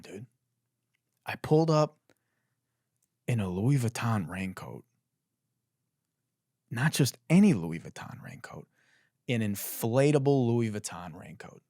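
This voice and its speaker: A man's voice: fairly low pitch, no echo, studio quality. A young man hosting a podcast, delivering a profane, mock-dramatic comedic monologue full of boasting. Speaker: podcast host.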